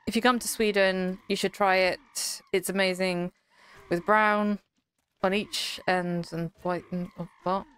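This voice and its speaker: A young woman chatting with her stream audience, rambling from one thought to the next and laughing easily. Her voice sits at an ordinary middle pitch, relaxed and conversational. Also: unhurried, clean tone. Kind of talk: casual chat with live chat.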